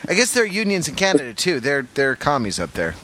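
A man hosting a podcast in casual banter, jokey and quick to slip into funny voices. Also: on the high side, huge pitch swings, pushed and bright. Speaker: podcast host.

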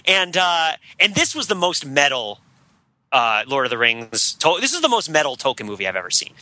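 A man chatting casually about a movie, excitable and laughing, breaking into mock heavy-metal narration. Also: fairly high pitch, normal speed, no room sound. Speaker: podcast panelist. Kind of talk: casual movie review chat.

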